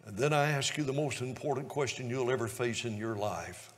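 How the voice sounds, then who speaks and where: A man preaching a sermon, telling a story in hushed tones that builds to loud, impassioned preaching. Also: mid-range voice, fairly quick. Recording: long hall reverb.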